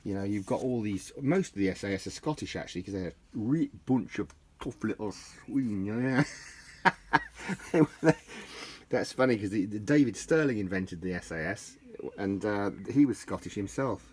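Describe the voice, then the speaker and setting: A man's voice: fairly low pitch, moderate pace, darkish tone, slightly rough. A middle-aged man chatting casually and joking his way through an old book, laughing at his own jokes. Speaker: vlogger leafing through an old tartan book. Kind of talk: rambling casual chat.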